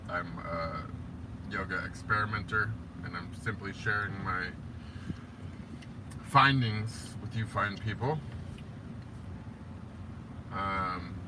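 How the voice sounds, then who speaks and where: A man hosting a casual livestream, chatting loosely and swearing, sometimes talking to his dog in a high excited voice. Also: heavy background noise. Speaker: livestream host. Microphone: tablet built-in mic.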